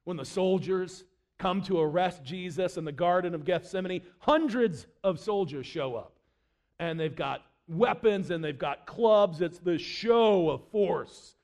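A high-voiced man delivers a dramatic, expressive sermon. When quoting scripture he drops low and quiet, then pushes louder and faster to drive a point home.

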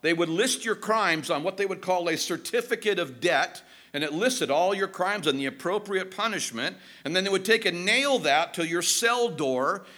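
Male pastor delivering a sermon, high and lively, bright tone, emphatic. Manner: emphatic, animated preaching with dramatic drops in pitch.

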